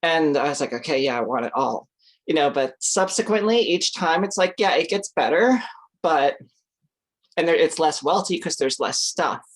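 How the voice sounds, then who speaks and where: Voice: mid-range voice, lively intonation, normal speed. An adult vlogger telling a personal story in a casual, rambling way, full of fillers, swearing freely and acting out their own reactions.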